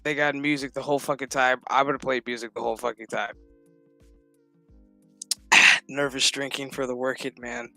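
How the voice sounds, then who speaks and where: A man's voice: medium pitch, level tone, normal speed, gravelly, long pauses, bright, forceful tone, no room sound. A man streaming a casual episode recap, rambling and swearing freely, laughing often as he goes, with music playing behind him. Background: background music.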